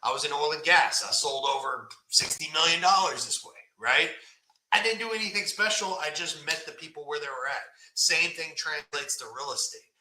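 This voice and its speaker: A straight-talking man hosts a live podcast session in a loose coaching manner. His voice is very bright and forceful. It rings around a roomy, echoey space. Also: on the high side, slight background noise. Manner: blunt, fast, animated, says "right?" often. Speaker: podcast host. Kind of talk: casual live-stream coaching talk. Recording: echoey room.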